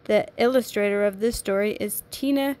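A woman teacher reading a children's picture book aloud to a class, in clear, sing-song storytelling. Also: mid-range voice, normal speed, a little mellow.

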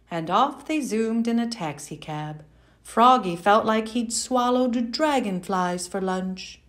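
A woman reading a children's picture book aloud, slow and expressive, with playful sound effects. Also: on the high side. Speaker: storyteller. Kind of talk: children's read-aloud narration.

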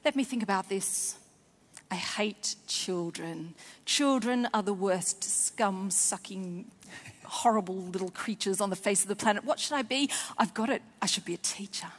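A woman voicing a cruel male schoolteacher who hates children, speaking low and half-whispered with a sneer. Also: normal speed, close to an everyday voice. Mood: scornful. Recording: long hall reverb.

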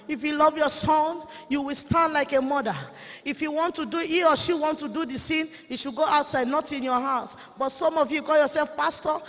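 A woman with a Nigerian accent preaching a fervent testimony sermon, shouting and weeping at its peaks and scolding her listeners. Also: sits high. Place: large conference hall. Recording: echoey hall reverb.

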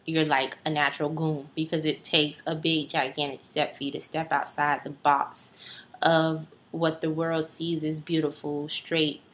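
Low-voiced young woman chatting casually. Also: flat delivery, a little slow. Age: early 20s. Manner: chatty, rambling with many fillers and asides. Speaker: vlogger. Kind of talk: casual chat to camera.

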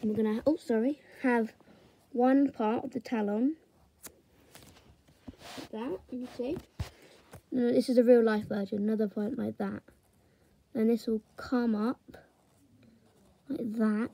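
Slow, mellow-voiced woman teaching drawing. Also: a little high, steady tone, gravelly, husky. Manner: slow, chatty step-by-step narration while drawing. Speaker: drawing tutor. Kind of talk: casual drawing tutorial.

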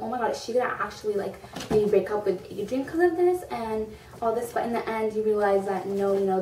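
A young woman casually reviewing a book, gushing and excitable, saying "like" often. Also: medium pitch. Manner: gushing and excitable, full of "like" and "freaking out". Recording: echoey room, far from the mic, faint noise.

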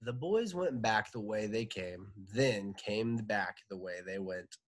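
A man, a teacher, reading a children's storybook aloud in a playful, animated way. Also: lowish voice, slow, no echo.

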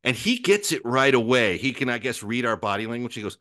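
A man's voice: mid-range voice, fast, few pauses, no room sound. Guy rambling through a sweary story, acting out everybody's lines, dry close sound. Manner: animated storyteller who acts out other people's lines; profane, rambling, self-interrupting. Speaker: guest. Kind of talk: casual anecdote telling.

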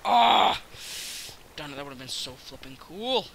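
A young man hosting a casual gameplay video, rambling and excitable, with bursts of shouting at other players. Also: on the high side, measured pace, vocal fry, heavy background noise. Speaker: gaming channel host.

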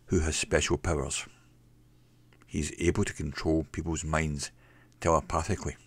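A man narrating a mystery story in a slow, measured way. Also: extremely low pitch, fairly bright tone, no room sound.

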